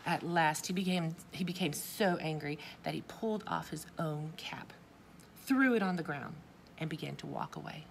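A woman reading a picture book aloud to children, expressive and asking her young listeners questions. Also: deep voice, normal speed, vocal fry, slight background noise. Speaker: children's story reader.

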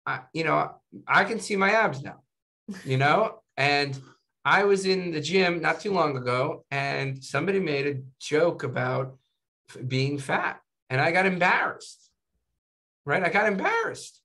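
Speaking unhurriedly in a slightly high voice, a male doctor being casually interviewed spins lively stories. "Right?" and "you know" keep turning up at the ends of his sentences.

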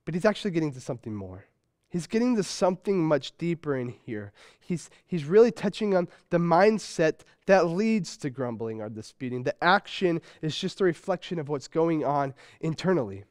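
A man's voice: a little high, sing-song, normal speed, a little mellow, dry recording, clean studio sound. A man in his thirties preaching a sermon in a conversational way, weaving in a family story. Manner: conversational preaching with personal stories. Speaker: pastor. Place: church sanctuary.

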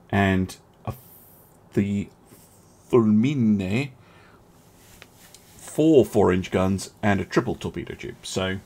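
Slow, gravelly man commenting on gameplay. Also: on the low side, darkish tone. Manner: musing, self-deprecating, chuckles often. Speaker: gaming video host.

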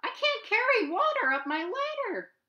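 A woman voicing a young male rabbit gardener in a high, shrill, pleading storybook voice. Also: very animated, moderate pace, sharp tone, muffled recording, full character voice. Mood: upset.

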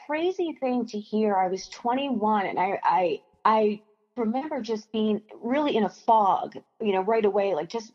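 A young woman, a company founder, telling a personal story in a podcast interview, halting and emotional with frequent restarts. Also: mid-range voice, animated, darkish tone, dull audio. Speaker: guest, company founder and chef.

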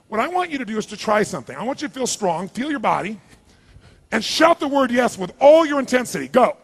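A man speaking as a motivational speaker in a large hall at a live event, commanding the crowd and shouting repeated phrases for them to echo. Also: high-pitched, slightly rough. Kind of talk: live seminar address leading audience chants.

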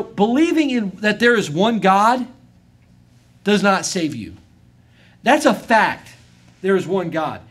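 An American pastor with a high voice delivers a sermon during a church service. He's emphatic, moving from loud to quiet, and slows into a measured cadence for scripture readings.

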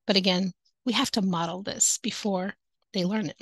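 A woman's voice: mid-range voice, fairly quick, no echo. A woman teaching online, giving casual tips to other teachers in an upbeat, chatty way, speaking into a headset. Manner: upbeat, chatty, laughs often. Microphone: headset with headphones.

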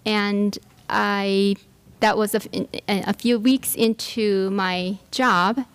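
A woman's voice: medium pitch, steady tone, slow pace, clear, resonant tone. A woman giving a workshop talk, telling a personal story with many fillers and restarts. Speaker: workshop speaker. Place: lecture room.

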